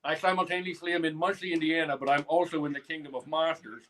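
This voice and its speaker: A man from the Midwestern United States talks as a guest on a playful live stream. He keeps a mock-earnest, straight-faced delivery in a slightly high voice. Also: little pitch movement, quick pace, fairly bright tone, poor audio.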